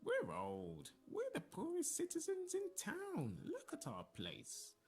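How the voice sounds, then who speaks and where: A woman's voice: extremely high pitch, wildly swooping pitch, slow pace, a little mellow, soft background music, voice pushed up, heavily acted. A woman voicing a fiery, bitter old wife. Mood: pleading. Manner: snarling, complaining.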